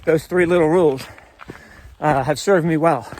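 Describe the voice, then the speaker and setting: A man's voice: fairly high pitch, moderate pace, poor audio. A man hiking outdoors on a mountain trail, talking into a camera he carries, earnest and upbeat, a bit out of breath from climbing. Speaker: hiker vlogging on the trail. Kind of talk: casual vlog while hiking. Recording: loud outdoor noise behind the voice.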